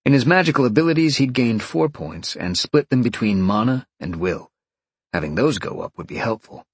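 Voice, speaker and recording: A man's voice: on the low side, lively intonation, normal speed, breathy edge, no echo. A man reading a fantasy novel aloud as an audiobook narrator, telling the story expressively. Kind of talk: scripted narration.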